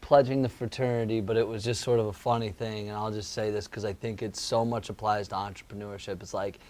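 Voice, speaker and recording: A man's voice: on the low side, little pitch movement, fast, a little mellow. A young man co-hosting a podcast, talking casually and rambling through thoughts with lots of "like" and laughs. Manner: rambling, many fillers and restarts, laughs easily. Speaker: podcast co-host.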